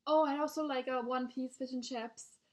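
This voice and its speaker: A woman's voice: sits high, steady tone, brisk, a little mellow, voice pushed up, natural voice. A woman putting on a British accent to play a fussy, demanding regular customer in a restaurant.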